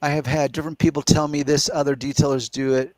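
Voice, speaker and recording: A man's voice: on the high side, level tone, fast, a little mellow, no room sound. A middle-aged man hosting a casual live question-and-answer chat, explaining his points step by step and reasoning aloud. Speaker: podcast host.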